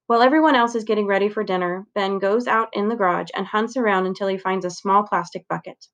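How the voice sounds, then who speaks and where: A woman steadily reading a children's novel aloud, narrating clearly. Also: medium pitch, fast talker, a bit bright, dull audio. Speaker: reader.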